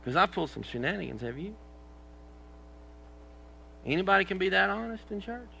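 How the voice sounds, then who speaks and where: A man preaching to a church congregation, his slightly raised voice grainy with fry. His tone is very bright and forceful. He keeps it conversational, tossing questions to the room and joking about his own failings. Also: high-pitched, very animated, fairly quick, a little hiss or hum, low-quality recording. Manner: conversational preaching, asks the congregation questions, self-deprecating humor. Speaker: pastor. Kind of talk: sermon.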